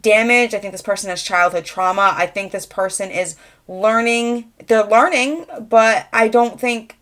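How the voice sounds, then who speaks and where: A woman's voice: mid-range voice, unhurried, fairly bright tone. A young adult woman giving a rambling, conversational channeled tarot reading, full of fillers. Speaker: tarot reader.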